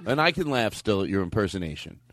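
Animated rambling male podcast host. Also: lowish voice, fast. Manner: animated, rambling, laughing often. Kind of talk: casual comedy chat.

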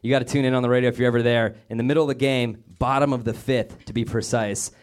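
A man from Denver doing a sarcastic stand-up comedy set on stage with a handheld mic, often slipping into quick put-on voices. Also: mid-range voice, steady tone. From Denver, Colorado. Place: comedy club stage with a laughing audience. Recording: live club recording with audience noise.

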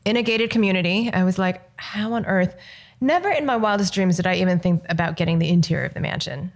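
A woman's voice: lowish voice, fast talker. A woman from Los Angeles, a filmmaker, telling a story as an interview guest and acting out the dialogue. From Los Angeles, United States.

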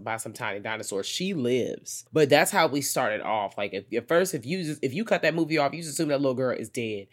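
A podcast co-host in a casual movie review chat, sassy and profane, dropping low and quiet for asides.

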